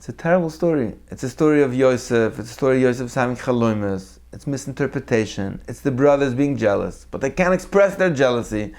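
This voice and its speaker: Male teacher, mid-pitched, lively storytelling sermon; acts out characters. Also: a little fast, hardly any pauses. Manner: animated storyteller who acts out the people in his tales. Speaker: Torah teacher. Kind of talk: weekly Torah talk with storytelling.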